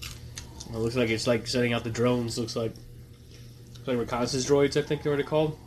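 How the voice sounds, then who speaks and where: A man's voice: mid-range voice, little pitch movement, normal speed, slight background noise. A man giving casual, chatty commentary while watching a film, thinking aloud and chewing popcorn as he talks. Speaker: movie watch-along host. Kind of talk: casual live movie commentary.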